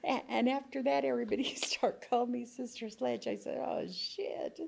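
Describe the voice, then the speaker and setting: A woman's voice: a little high, steady tone, a little fast, background noise. An older woman, a retired coal miner, telling earthy stories in an oral history interview, swearing freely and laughing often. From Colorado. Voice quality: gravelly, husky.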